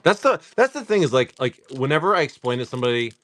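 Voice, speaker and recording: A man hosting a live stream, rambling casually, swearing freely, and reading off card names in quick lists. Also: medium pitch, very animated, fairly bright tone. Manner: rambling, swears freely, laughs often at chat. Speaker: live-stream host opening card packs.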